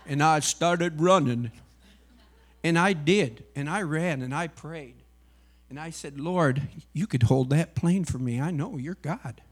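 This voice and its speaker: A man's voice: on the high side, a little slow. A man sharing a personal religious testimony, acting out the lines of everyone in his story with feeling. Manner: storytelling, acting out dialogue, emotional. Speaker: UPS driver and missionary.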